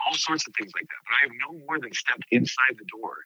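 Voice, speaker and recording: A man telling stories of a haunted building in a casual interview, animated and laughing often. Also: medium pitch, fast talker, breathy edge, no echo. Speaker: caretaker of a haunted site. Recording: dull lo-fi dry sound.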